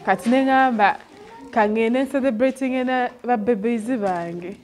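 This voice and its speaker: A woman's voice: on the high side, measured pace, a little mellow. A young Ugandan woman vlogging at a village school, tearful and laughing as she switches between English and Luganda. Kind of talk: casual vlog. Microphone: handheld phone.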